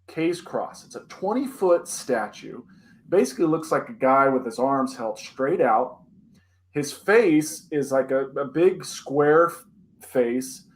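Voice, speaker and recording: A young man co-hosting a podcast, telling a personal spooky story in an animated, dramatic way with many "like" fillers. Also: fairly high pitch, poor audio. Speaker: podcast co-host.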